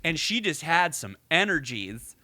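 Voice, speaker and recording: A man's voice: a little high, unhurried, no room sound, studio quality. A young man co-hosting a podcast, telling a story in casual chat, acting out every quote and swearing freely. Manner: animated storyteller, acts out quotes, swears a lot. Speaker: podcast co-host.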